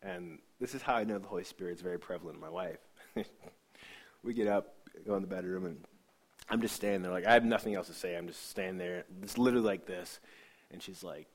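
A man's voice: sits low, a little fast. Earnest man telling a personal testimony. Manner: earnest, often drops to a soft hush, many restarts. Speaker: speaker giving a personal testimony. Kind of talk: emotional testimony storytelling.

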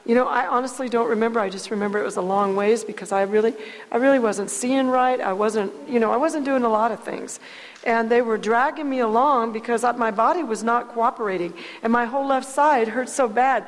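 A woman with a somewhat high voice tells her personal faith story, halting and earnest and often circling back on her words. Her voice rings out with a long reverb, as if she is speaking in a large hall. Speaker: guest sharing testimony.

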